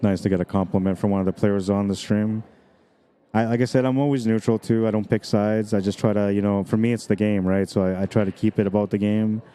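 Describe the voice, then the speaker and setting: A man commentating a pool match on a live stream, explaining shot angles and easily excited by big shots. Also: on the low side, fast, clear, resonant tone. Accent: Canadian. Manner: excitable, breaks into screams and laughs at exciting shots.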